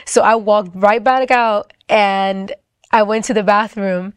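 A young woman tells her faith testimony in a loose, conversational way and acts out everyone's lines as she goes. Her voice sits at an ordinary pitch and sounds close and dry, with almost no room sound around it. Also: steady tone, takes it slowly, smooth, no echo. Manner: storytelling, acts out the dialogue, often says "like". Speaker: person sharing a faith testimony. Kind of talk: casual spoken testimony.

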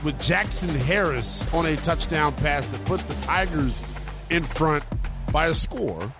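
A man hosting a college sports radio show, talking with big swoops in pitch and slangy emphasis. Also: animated, a little slow, over music. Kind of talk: energetic sports talk radio.

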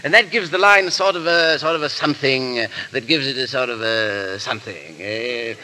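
A man's voice: mid-range voice, moderate pace, bright, forceful tone, slight background noise, low-quality recording. An actor playing a foppish, affected English baronet who prattles fussily and fills his talk with exclamations.

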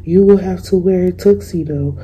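A firm but loving mother, read by a woman, speaks calmly and steadily. The voice sits low and soft, with a mellow warmth. It is a storybook read-aloud. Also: normal speed, a little hiss or hum, natural voice, rough recording. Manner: calm and firm.

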